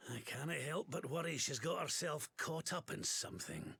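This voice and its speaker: A man voicing a kindly old male fighter in a video game, with a put-on Scottish accent and a gravelly voice. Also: fairly high pitch, lively intonation, moderate pace, pushed and bright, heavily acted. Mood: worried.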